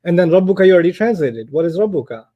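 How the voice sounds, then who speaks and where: A man's voice: high voice, animated, rapid-fire, dull audio. A man teaching an Arabic lesson to a class, playful and teasing, laughing often as he corrects a student.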